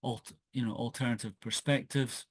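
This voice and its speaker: A man's voice: mid-range voice, fairly even intonation, moderate pace, no echo. A Scottish man, an author hosting his own channel, talking casually and hesitantly with many fillers and restarts, recorded on a laptop microphone in his home office. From Scotland. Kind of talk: casual solo podcast talk. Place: home office with wooden desk. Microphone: laptop built-in microphone.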